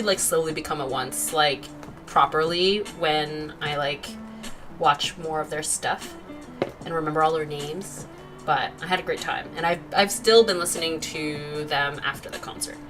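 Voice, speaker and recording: A woman's voice: low voice, sharp tone. A young woman hosting an art livestream, chatting casually and giggling, with lots of fillers while she draws. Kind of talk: casual chat while drawing.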